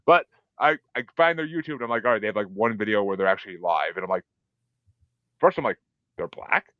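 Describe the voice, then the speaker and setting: Fast, animated, profane man on a dull, dry recording. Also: on the low side, no echo. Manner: profane, animated storytelling with acted-out reactions. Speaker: podcast host. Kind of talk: casual chat.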